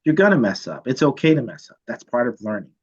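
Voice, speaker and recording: Man, chemistry lecturer, chatty storytelling, keeps asking "right?", mid-pitched voice, dull lo-fi sound. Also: fast, breathy edge. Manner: animated, casual, repeats "right?" often. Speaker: chemistry teacher.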